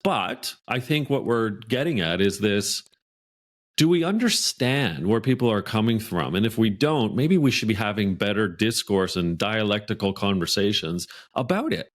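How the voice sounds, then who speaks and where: Deep-voiced Canadian man telling a story. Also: normal speed. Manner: animated anecdotal storyteller. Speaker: guest author. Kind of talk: podcast storytelling.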